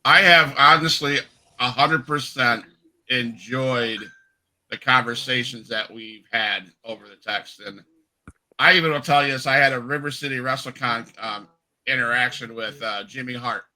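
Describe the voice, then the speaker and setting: A man in his fifties hosting an interview, telling stories in a chatty, animated way. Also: mid-range voice, moderate pace, low-quality recording. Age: 50s. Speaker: podcast host. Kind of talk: casual interview storytelling.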